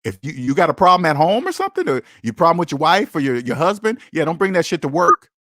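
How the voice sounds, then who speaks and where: Guy doing a livestream, kinda high voice, blunt and cussing, dry close sound. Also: big pitch swings, quick pace, bright, forceful tone, dry recording. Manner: blunt, emphatic and profane, repeating himself. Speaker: livestream host. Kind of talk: casual livestream chat.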